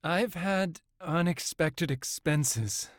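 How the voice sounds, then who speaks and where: A man's voice: a little high, drawn-out words, no room sound, studio quality, voice pushed up. A man voicing a flustered young woman who speaks in a chirpy, placating way.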